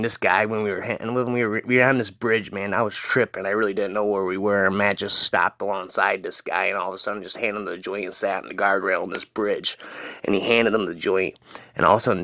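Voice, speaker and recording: A man tells a rambling, slangy anecdote in a low voice. His tone is bright and forceful, and the sound is dry and close. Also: vocal fry, no room sound. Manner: rambling, full of "man" and "freaking". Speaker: storyteller.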